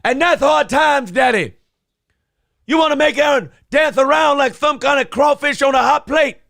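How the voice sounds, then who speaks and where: A man's voice: very high-pitched, moderate pace, gravelly, fairly bright tone, no echo, clean studio sound, voice pushed up, exaggerated voice. A man doing an impression of a brash older male wrestler, ranting in a folksy drawl and calling everyone daddy.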